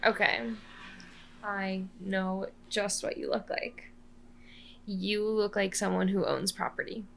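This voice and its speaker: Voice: mid-range voice, flat delivery, slow pace, vocal fry, fairly bright tone, a little hiss or hum. A young podcast co-host in casual chat, giving dry, short reactions and quips.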